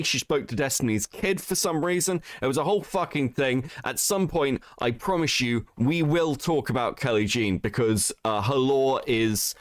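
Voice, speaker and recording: Animated sweary male streamer. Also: mid-range voice, no echo, clean studio sound. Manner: sweary, laughs often, animated. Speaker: streamer host. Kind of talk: casual commentary stream.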